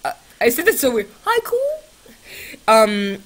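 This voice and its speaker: A woman's voice: mid-range voice, very animated, a little slow, a little hiss or hum. A young woman vlogger chatting sarcastically with a chatbot, swinging between shrieks and mutters, on a computer's built-in mic. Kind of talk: casual chat with a chatbot.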